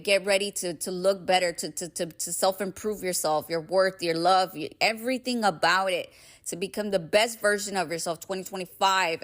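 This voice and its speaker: A woman's voice: lowish voice, fairly bright tone. A young adult woman hosting her own podcast, talking in an emphatic, casual motivational monologue full of "like" and swearing. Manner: emphatic, swears freely, heavy use of "like". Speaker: podcast host.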